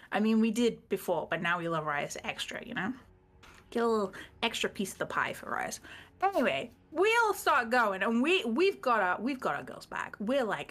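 A woman's voice: mid-range voice, a bit bright. A woman casually recapping the last tabletop game session, chatty and freely swearing. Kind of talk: casual live-stream chat.

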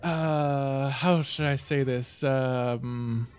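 A man's voice: medium pitch, steady tone, very slow, darkish tone, clean tone. A man hosting a casual gaming chat, rambling and laughing often, swearing casually.

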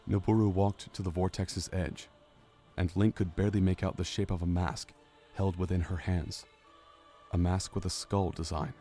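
Deep, mellow male audiobook narrator. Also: level tone. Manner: measured, descriptive storytelling. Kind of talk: scripted narration. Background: faint music.

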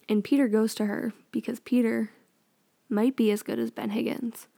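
A woman's voice: fairly high pitch, flat delivery, normal speed, vocal fry, dark tone. A young woman chatting casually and sarcastically as a vlogger recapping a TV show, full of opinions. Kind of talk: casual chat.

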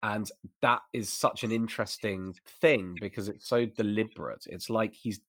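In a casual discussion, a male podcast co-host talks enthusiastically in bursts, often restarting his sentences. His voice is fairly low and a bit bright at normal speed, captured in a dry, studio-quality recording.

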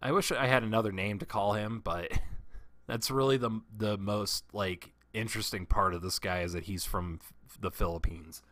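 A man's voice: fairly low pitch, moderate pace, fairly bright tone, no echo. A man telling a long personal story in a casual, profane, rambling way, often restarting his sentences.

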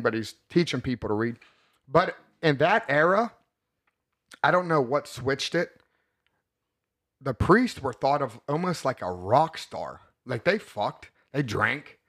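A man's voice: medium pitch, a bit bright. A man hosting a casual podcast chat, crude and rambling, who laughs often. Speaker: podcast host.

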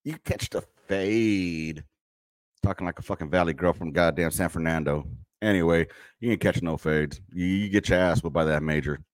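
A blunt military veteran hosting a casual podcast, his voice sitting fairly low. He cusses freely and uses service slang as he reacts to clips. The sound is dry and close, with little room around it. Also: fast talker, no echo. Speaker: podcast host.

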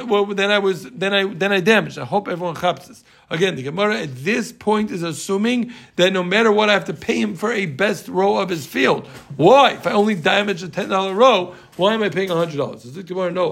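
A high-pitched man with a gravelly edge to his voice teaches a Talmud class. He talks in an animated, emphatic way, repeating key points over and over and ribbing his students. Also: quick pace.

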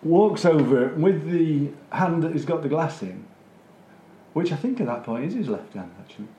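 A man's voice: a little high, big pitch swings, normal speed, dark tone, echoey room, dull audio. A man, making wry, critical remarks while chatting casually about a TV episode. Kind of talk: casual chat reviewing a TV episode.

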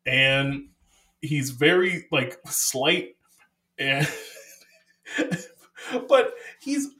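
A man co-hosting a casual movie chat, rambling and full of "like", quick to laugh. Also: medium pitch, very animated, pushed and bright.

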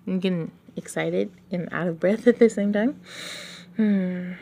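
A woman's voice: lowish voice, fairly even intonation, measured pace, vocal fry, warm tone. A woman podcast host reading a book aloud, often breaking off to chat and reflect with light laughter. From outside England. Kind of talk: book reading with casual commentary.

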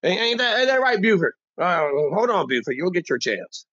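An actor playing an older, bossy, old-school barbershop owner who rambles and boasts in street talk, delivered as a comic monologue. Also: male voice, sits high, big pitch swings, normal speed, bright, forceful tone, slightly rough, no echo, exaggerated voice. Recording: dull dry lo-fi recording.

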